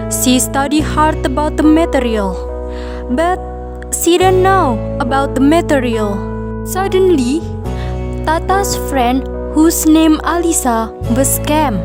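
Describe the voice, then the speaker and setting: A young woman narrating a student drama, reading slowly and carefully in plain non-native English. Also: sits high. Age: young adult. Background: music.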